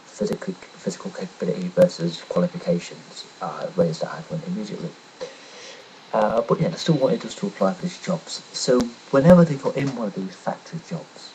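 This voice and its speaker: Blunt young man ranting, low voice. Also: darkish tone, slight background noise, poor audio. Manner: blunt, swearing, sarcastic storytelling. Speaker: vlogger telling a personal story. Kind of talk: casual ranting monologue.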